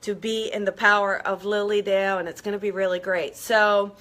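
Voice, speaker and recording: Her mid-range voice is a bit bright yet flat in delivery, and she speaks briskly. As host of a live-streamed motivational talk, she earnestly encourages viewers and checks in with them again and again.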